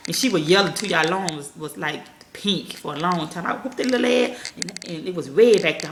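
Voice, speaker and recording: Speaking fast with hardly any pauses, this woman has a lowish voice and lively intonation. She's a parenting vlogger in a small room at home, where the recording echoes and carries slight background noise, and she rambles casually, swearing freely and addressing her audience as y'all.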